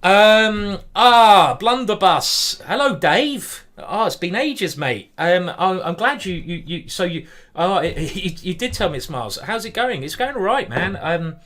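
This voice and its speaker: A man's voice: high voice, expressive, measured pace, fairly bright tone. A man, casually commentating a chess stream and greeting viewers by name. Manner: chatty, greets viewers by name, lots of ums.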